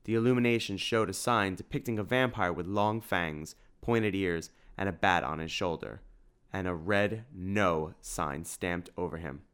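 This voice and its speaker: A man narrating a storybook in a steady storytelling manner. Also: low-pitched, normal speed, clear, resonant tone. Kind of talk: audiobook narration.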